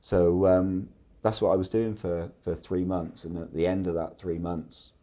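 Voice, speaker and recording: A man's voice: sits low, flat delivery, measured pace, dark tone. A man, a podcast guest telling chatty, rambling anecdotes. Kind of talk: casual storytelling.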